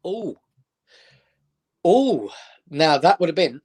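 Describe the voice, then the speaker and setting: A middle-aged English comedian guest talks a little fast in a fairly high voice, telling animated stories during casual chat. He plays the characters himself, voicing their quoted lines.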